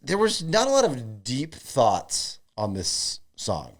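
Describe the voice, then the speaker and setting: Lively joking man co-hosting a podcast. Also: medium pitch, slow. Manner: joking, rambling, reads listener comments aloud. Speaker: podcast co-host. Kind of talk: casual comedic chat.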